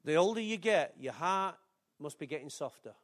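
A man's voice: fairly high pitch, lively intonation, normal speed. An older man, preaching a sermon in a chatty, joking way with asides to the congregation. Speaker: pastor.

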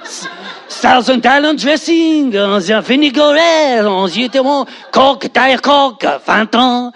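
A man preaching voices a male French fast-food counter worker, rattling off comic mock-French gibberish with a mock French accent. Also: very high voice, fairly bright tone, a faint crowd, a little hiss or hum, pitched above the performer's own voice, exaggerated voice. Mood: gabbling.

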